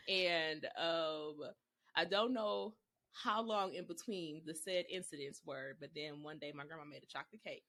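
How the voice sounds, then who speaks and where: A young woman from Texas, co-hosting a podcast and telling family stories in a casual, animated way, laughing often. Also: medium pitch. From Texas, USA. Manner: animated, laughing, slips into voices for quotes. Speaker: podcast co-host. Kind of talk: casual storytelling chat.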